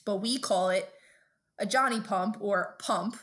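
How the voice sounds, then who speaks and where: A woman with a New York accent co-hosting a casual podcast. She tells animated, profane stories about her neighborhood in a chatty, conversational way. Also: mid-range voice, unhurried. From Brooklyn, New York. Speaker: podcast co-host. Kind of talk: casual chat.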